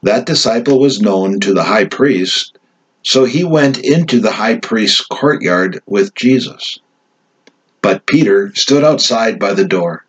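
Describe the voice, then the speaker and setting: A low-pitched man with a husky voice reads scripture aloud. His delivery is measured and solemn, narrating steadily through the passage. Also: animated, a bit bright, rough recording. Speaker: scripture reader. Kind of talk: scripted Bible reading.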